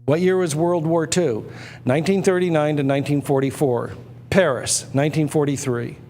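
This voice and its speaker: A man running a live auction stream, pitching hard with emphatic, repetitive, excitable patter. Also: moderate pace, long reverb tail.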